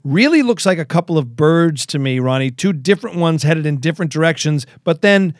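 A man with a slightly high voice hosts a podcast, chatting casually and reading listener posts aloud with a joking edge. The sound is dry and close, with no room around it. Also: animated, brisk, dry recording. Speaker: podcast host.

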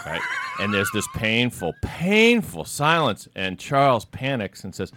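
A man's voice: low-pitched, animated, moderate pace, hardly any pauses, bright, forceful tone, smooth. A man hosting a casual chat, telling rambling stories with restarts and laughter. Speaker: podcast host.

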